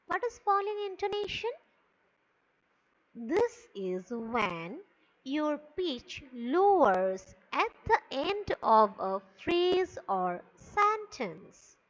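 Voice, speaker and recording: A woman teacher speaks in a bright, high voice that moves widely up and down. She explains slowly and deliberately, as in a classroom lecture. The recording is dull and lo-fi. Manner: slow, deliberate, demonstrating pitch on example sentences.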